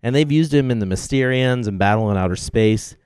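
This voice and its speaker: A man's voice: medium pitch, a little fast, darkish tone, clean tone, no echo, studio quality. A man co-hosting a film commentary, chatting wryly and packing in trivia. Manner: knowledgeable, wry, trivia-heavy. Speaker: podcast co-host.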